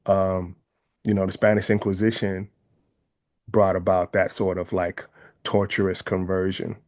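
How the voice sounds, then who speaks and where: A man from the San Francisco Bay Area with a Bay Area accent, speaking as an interview guest in an earnest, measured way and often rephrasing his ideas. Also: deep voice, little pitch movement, a little mellow. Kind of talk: reflective interview conversation.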